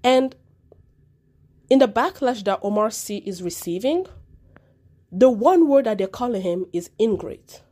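A woman's voice: fairly high pitch, animated, measured pace, long pauses, dark tone. Impassioned woman podcast host. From Africa. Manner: impassioned, repeating words for emphasis. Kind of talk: solo commentary podcast.

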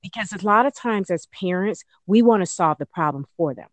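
A woman educator chats through an interview with animated, easygoing speech. She slips into high, playful voices when acting out how she talks to children. The recording is dry and close, with no room sound. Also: a little fast, dry recording. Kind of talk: casual interview answers.

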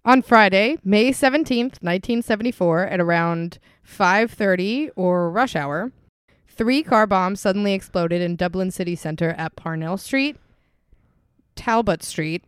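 A woman's voice: medium pitch, a little slow, smooth, dry recording, clean studio sound. A woman co-hosting a casual true-crime podcast, a bit congested, laughing easily and stumbling over unfamiliar place names. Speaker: podcast co-host.

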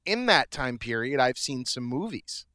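A man's voice: mid-range voice, big pitch swings, moderate pace, bright, forceful tone. A middle-aged man co-hosting a podcast in casual chat, cracking dad jokes and laughing at them. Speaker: podcast co-host.

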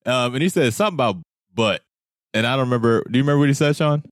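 A man's voice: mid-range voice, very fast, no room sound, clean studio sound. A man co-hosting a podcast, chatting casually about a film and mimicking sound effects and voices. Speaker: podcast co-host. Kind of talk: casual movie chat.

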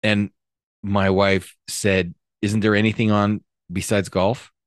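A man's voice: lowish voice, flat delivery, slow, no echo, studio quality. A middle-aged man hosting a casual chat, rambling loosely and telling crude jokes. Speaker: podcast host.

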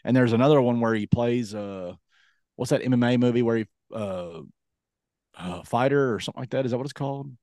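A man co-hosting a casual podcast chat, rambling and animated, slipping into quick impressions. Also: mid-range voice, no room sound, studio quality. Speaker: podcast co-host.

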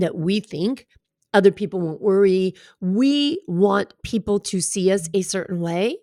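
A woman's voice: mid-range voice, warm tone, no echo. Woman coach with a mid-range voice, passionate and direct, recorded dry with no room sound. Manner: passionate, earnest and emphatic; conversational, speaking directly to the listener. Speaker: breast cancer coach.

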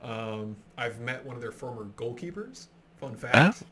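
Young male podcast co-host, bright voice, chatty and animated. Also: medium pitch, unhurried. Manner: chatty, animated storyteller, laughs often. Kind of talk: casual sports chat.

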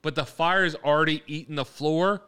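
Bright, clear-voiced man telling a story. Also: on the high side, moderate pace. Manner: rambling storyteller, laughs often, casual swearing. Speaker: podcast co-host. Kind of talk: casual podcast chat.

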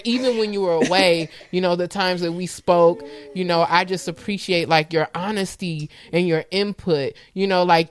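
A woman giving heartfelt thanks to a relative, chatty and laughing, dropping quiet when serious. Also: mid-range voice, clean tone, no echo. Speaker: family member giving a thank-you speech. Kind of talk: heartfelt casual speech.

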